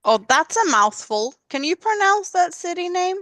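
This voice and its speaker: A woman's voice: very high voice, big pitch swings, moderate pace, a bit bright, dry recording. A woman whose first language is Swedish, co-hosting a casual podcast chat and asking curious questions. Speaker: podcast co-host.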